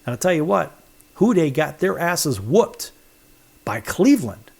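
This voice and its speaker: Lively, sarcastic male sports talk host. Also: a little high, measured pace, vocal fry, breathy edge. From Chicago, USA. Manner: sarcastic, wisecracking, emphatic. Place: studio.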